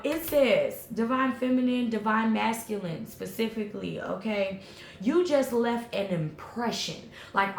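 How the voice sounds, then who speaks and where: A woman giving a tarot reading in an animated, emphatic, slangy way, checking in often with her viewers. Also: on the high side, reverberant. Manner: animated, emphatic, slangy and conversational with repeated "okay?". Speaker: tarot reader.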